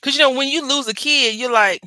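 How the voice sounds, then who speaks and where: A woman chats casually while she crafts on camera, spinning stories and acting out the voices in them. Her voice sits a little high and sounds bright and sharp. The sound is close and dry. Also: brisk, no room sound. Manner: chatty storyteller, acts out quoted lines with big pitch jumps. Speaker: crafting channel host.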